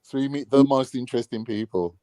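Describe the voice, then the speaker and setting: A man's voice: mid-range voice, fairly quick, mellow, no room sound. A man, laid-back and jokey in a casual panel chat.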